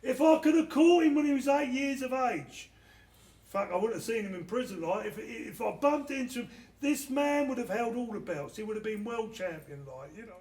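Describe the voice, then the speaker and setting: A man telling stories in a casual interview, blunt and animated, swearing constantly. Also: very high voice, normal speed. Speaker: interviewee, former doorman. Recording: echoey room.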